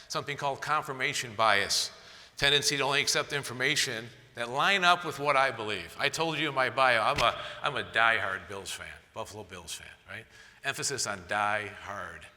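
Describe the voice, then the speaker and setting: A man's voice: medium pitch, sharp tone, long reverb tail. A man giving a church teaching talk in a conversational style, often tossing rhetorical questions to his audience. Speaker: speaker at a church seminar.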